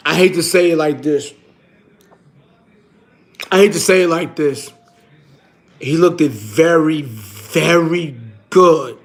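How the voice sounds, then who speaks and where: A middle-aged man chatting casually on a livestream, animated and slangy, swearing often. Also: fairly high pitch. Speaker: livestream host.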